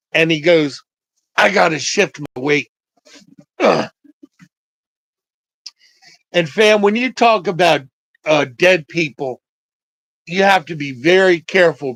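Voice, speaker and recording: An older man slowly recounting personal memories, halting and reflective, with frequent pauses. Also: a little high, fairly bright tone, no room sound, rough recording. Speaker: storyteller. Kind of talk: personal storytelling.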